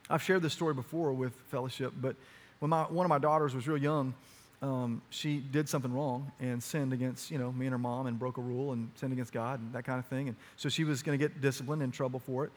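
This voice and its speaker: A middle-aged man preaching a sermon in a church, earnest and pressing, his voice climbing as he drives each point home. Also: fairly high pitch. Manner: earnest, rising to emphatic urgency. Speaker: pastor.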